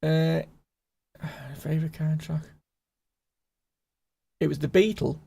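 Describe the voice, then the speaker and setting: Gravelly man chatting on stream. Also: a little high, fairly even intonation, takes it slowly, mellow. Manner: chatty, rambling, banter with chat. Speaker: gaming livestream host. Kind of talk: casual live gaming chat.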